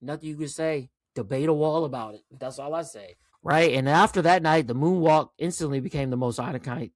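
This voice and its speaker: A man's voice: a little high, brisk, no echo, clean studio sound. A man in his forties hosting a casual commentary monologue, emphatic and profane, often tagging points with "right?". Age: 40s. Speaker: host.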